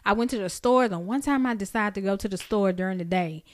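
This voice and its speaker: Talking fast, this podcast co-host spins a story with plenty of swearing and energy. When she imitates how she reacted, her voice shoots up in pitch, all within a relaxed, chatty exchange.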